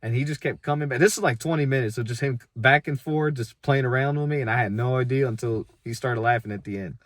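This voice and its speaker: A man's voice: mid-range voice, fast, dry recording. A man, a pro wrestler, casually telling a story about his career in a laid-back, self-deprecating, rambling way.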